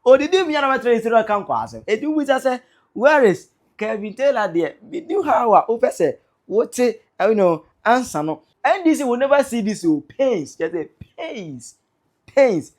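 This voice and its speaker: A woman with a Ghanaian accent gives an excitable, teasing commentary, reading out viewer comments. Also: fairly high pitch, normal speed. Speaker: online commentator. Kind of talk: animated commentary vlog.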